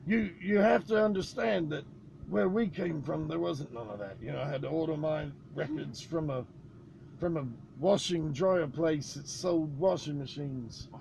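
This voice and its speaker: A man co-hosting a live-streamed podcast in rambling, excitable, profane casual chat. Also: on the high side, moderate pace, creaky, slight background noise. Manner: rambling, excitable, heavy swearing. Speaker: podcast co-host.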